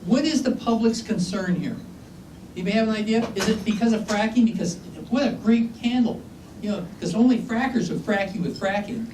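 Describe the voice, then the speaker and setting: Man, geology lecturer, joking and conversational, higher-pitched voice, distant mic in an echoey room with faint hiss. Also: normal speed. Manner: chatty, joking, asks the audience questions. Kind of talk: informal lecture with anecdotes.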